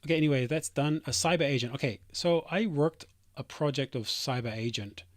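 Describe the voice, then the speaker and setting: A man on a livestream, talking through companies and reading his chat aloud, rambling and brushing comments off. His voice is mid-pitched and sits dry and close on a desk mic. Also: fairly quick, dry recording. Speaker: streamer and software developer.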